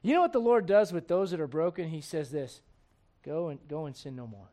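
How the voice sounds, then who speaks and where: A man's voice: on the high side, lively intonation, a little fast, mellow. A man preaching a sermon in an impassioned, conversational way, firing off rhetorical questions to his listeners.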